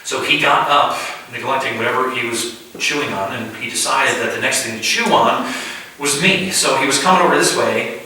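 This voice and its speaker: Male preacher with a very bright, sharp tone, telling a story conversationally; recorded from a distance. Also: medium pitch, slight background noise. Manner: vivid first-person storytelling with halting restarts. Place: house church room. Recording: echoey room, distant mic.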